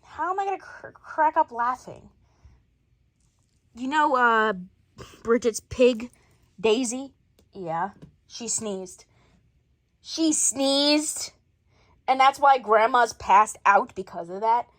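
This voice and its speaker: A woman's voice: fairly high pitch, animated, slow pace, long pauses, fairly bright tone, dry recording. A woman telling a playful family story, switching between many character voices. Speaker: storyteller voicing a family skit. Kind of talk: playful family role-play.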